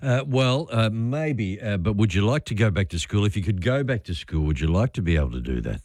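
An Australian man hosting a talkback radio show, chatting in a relaxed, rambling way. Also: fairly low pitch, fairly quick, no room sound, studio quality. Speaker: radio host. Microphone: studio microphone.

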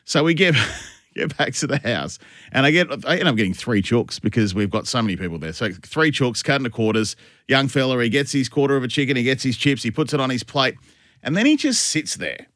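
A man with an Australian accent co-hosting morning radio, telling stories in a laughing, animated way and acting out what people said. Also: mid-range voice, a little fast, no room sound, studio quality. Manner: animated storyteller, laughs often, acts out quotes. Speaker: radio show co-host. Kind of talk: casual morning radio banter.

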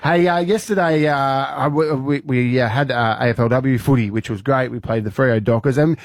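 A man's voice: medium pitch, moderate pace, no echo, studio quality. A young Australian man hosting a casual radio show, telling rambling stories and laughing often. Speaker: radio host. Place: radio studio.

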